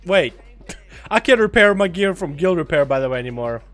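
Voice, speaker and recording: A man with a raised, high-pitched voice talks to his live chat while playing a game, swearing freely. He is excitable and breaks into loud rants. It is casual and unscripted. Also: normal speed, soft background music. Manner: profane, excitable, swings into loud outbursts. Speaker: game streamer. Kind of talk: casual livestream commentary.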